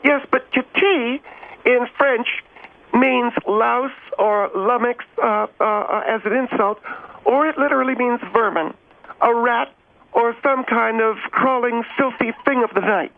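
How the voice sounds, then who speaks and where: A woman guest expert explaining pronunciation in a deadpan, pedantic manner. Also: on the high side, measured pace. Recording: tinny phone line.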